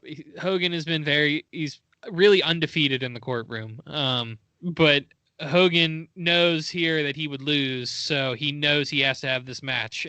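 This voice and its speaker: Bright, crisp-voiced man laughing along. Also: a little high, no room sound. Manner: laughs often, playfully mimics wrestlers in quotes. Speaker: podcast co-host. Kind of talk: casual podcast chat.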